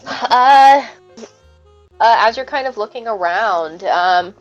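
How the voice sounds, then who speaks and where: A woman's voice: fairly high pitch, animated, very slow, muffled recording, soft background music. A woman narrating as game master of a tabletop game, hesitant with many fillers.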